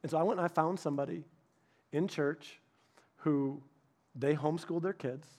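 A middle-aged man preaching from the pulpit with a fairly high voice. He tells his stories with lively humor, often stopping and restarting mid-sentence. His tone stays conversational, as if chatting with his congregation. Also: moderate pace. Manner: animated personal storytelling with restarts and humor. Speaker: pastor. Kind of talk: sermon.

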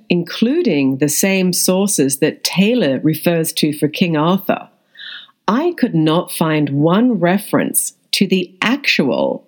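A woman actor reading a scripted audio essay in a measured, deliberate way. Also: low voice, darkish tone, husky. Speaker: actor and media studies student.

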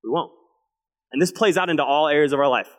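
A young man preaching a sermon to his church, telling a family story with lively storytelling and then dropping into a hushed, intense delivery. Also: a little high, quick pace. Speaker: pastor. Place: church sanctuary. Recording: long hall reverb.

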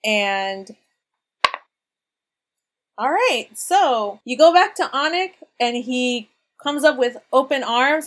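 A woman narrating as game master for a tabletop game, relaxed and chatty. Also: sits high, takes it slowly, long pauses. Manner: relaxed, chatty, laughs often.

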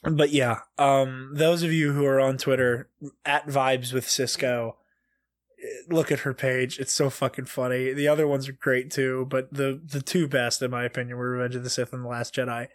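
A man hosting a casual fan podcast, excitable and quick to swear, reading aloud with big exaggerated reactions. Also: medium pitch. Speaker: podcast host.

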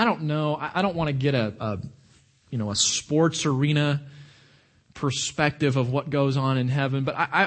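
A man preaches to his congregation in a fairly high voice. He talks in an animated way, repeating and restarting words as he builds his points. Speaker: pastor. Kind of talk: sermon.

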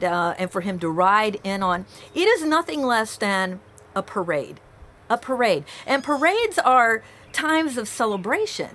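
A woman pastor giving a conversational sermon, telling stories in an animated way to a remote congregation. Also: mid-range voice. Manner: warm conversational preaching, animated storytelling. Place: church, recorded outside usual sanctuary.

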